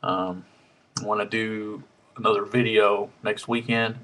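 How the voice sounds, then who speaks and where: A man's voice: lowish voice, level tone, unhurried, pushed and bright. A man, rambling through a casual webcam vlog at home with lots of ums and restarts, a little out of breath. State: slightly out of breath. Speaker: harmonica hobbyist vlogger. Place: home room. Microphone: webcam mic.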